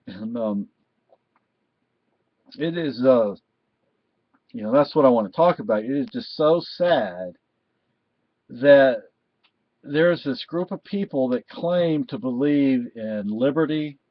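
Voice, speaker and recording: A man's voice: mid-range voice, animated, takes it slowly, long pauses, no room sound, muffled recording. A middle-aged man vlogging a political rant, scolding and lecturing his viewers with indignation.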